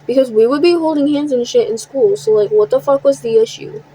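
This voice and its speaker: Her voice sits high, with background noise behind it, as this young woman shares a personal storytime. She's casual, blunt and profane, acting out other people's words in quick asides.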